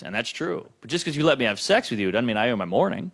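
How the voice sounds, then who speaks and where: A man's voice: on the high side, sing-song, racing, background noise. A male comedian doing stand-up with a dry, self-deprecating delivery.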